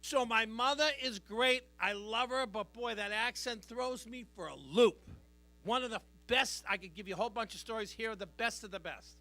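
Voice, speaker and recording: Middle-aged guy doing standup, real high bright voice, brash and punchy with the crowd. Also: moderate pace. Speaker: stand-up comedian. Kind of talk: stand-up comedy routine. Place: live stage before an audience.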